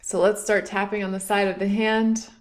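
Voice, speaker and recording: A woman instructor leads a guided tapping session. She talks in a calm, measured way and repeats short affirmations slowly, leaving room for listeners to follow along. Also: mid-range voice. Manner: calm, slow guiding with repeated affirmation phrases.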